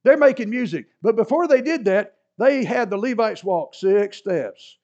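A man's voice: high-pitched, expressive, measured pace, darkish tone. A man preaching a sermon, reading scripture and adding chuckling asides. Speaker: pastor. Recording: dull lo-fi sermon recording.

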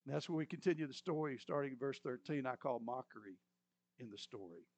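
A man preaching a sermon, retelling a Bible story with lively storytelling and joking asides. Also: medium pitch, fast, no echo.

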